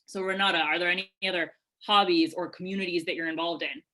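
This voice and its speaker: A woman coaching attendees on a live video-call webinar, her voice bright and a touch low. She talks in an energetic, chatty way, full of fillers and quick asides. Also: poor audio. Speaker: webinar presenter answering questions. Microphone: webcam video call.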